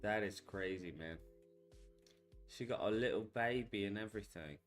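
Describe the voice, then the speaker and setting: A man's voice: lowish voice, moderate pace, faint music behind. A man hosting a stream, reacting with crude, profane, slang-heavy banter. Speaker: streamer host reacting to videos. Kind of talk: casual reaction commentary.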